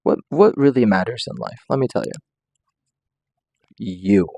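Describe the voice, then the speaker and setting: A man's voice: mid-range voice, measured pace, gravelly, warm tone, no echo. A man streaming, rambling through a comedic monologue, often laughing and acting out quotes in silly voices.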